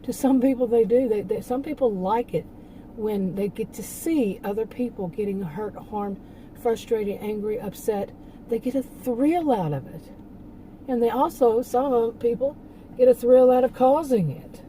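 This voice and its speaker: A woman's voice: fairly high pitch, a little slow, warm tone, a little hiss or hum, low-quality recording. A woman talking casually in a rambling monologue, laughing often and restarting her sentences. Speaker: channel host.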